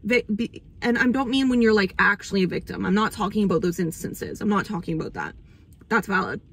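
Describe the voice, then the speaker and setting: A woman's voice: mid-range voice, animated, a little fast, fairly bright tone, husky. A young woman hosting an astrology channel, rambling in a casual spiritual monologue, swearing freely, and getting emotional at times.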